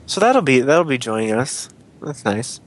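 A man's voice: mid-range voice, very animated, normal speed, slightly rough. Man, podcast co-host, casual rambling chat, self-deprecating. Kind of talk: casual chat about cartoons.

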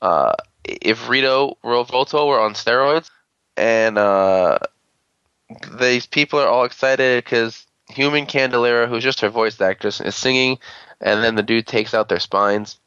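Dude rambling thru an episode recap, lots of uhs, swears a lot, dull dry podcast sound. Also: male voice, medium pitch, a little slow, pushed and bright, clear, resonant tone, no room sound. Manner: rambling, crude, many "uh"s and quoted voices. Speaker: podcast host.

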